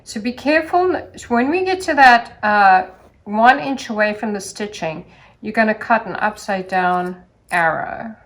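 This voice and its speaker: A woman calmly walking through a sewing demonstration step by step, in a gentle sing-song teaching manner. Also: mid-range voice, a little slow. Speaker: sewing instructor.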